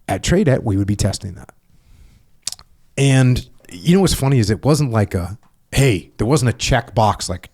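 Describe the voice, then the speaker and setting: A middle-aged man with a mid-range, slightly mellow voice hosts a podcast, casually telling stories. He acts out quoted voices with emphasis as he goes.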